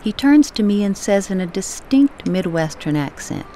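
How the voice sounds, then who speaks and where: A woman from the United States reading her own personal essay as scripted narration, in a measured, storytelling way. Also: medium pitch, expressive, warm tone, slight background noise.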